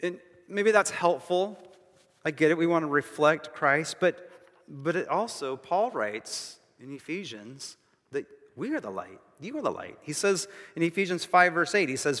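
A man's voice: fairly high pitch, big pitch swings, normal speed, a bit bright. A man preaching a sermon as pastor, emphatic and repeating phrases for stress, with casual asides to the congregation. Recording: long reverb of a large hall.

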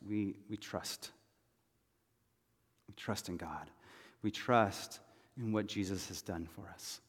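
A man preaching a sermon as pastor, moving between loud urgent pleading and soft, hushed reassurance. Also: fairly low pitch, slightly rough, big-room sound.

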